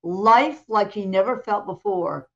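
A woman co-hosting a talk show, retelling a testimony in a lively way and acting out the voices in it. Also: mid-range voice, a little slow, dull audio. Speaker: co-host. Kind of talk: animated testimony storytelling.

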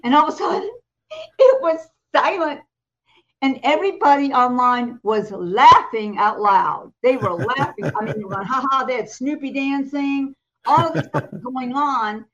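An American woman co-hosting a talk show, telling a story in a lively way, acting out the voices of the people in it and laughing often. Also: high voice, unhurried, muffled recording. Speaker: co-host and prophetic minister.

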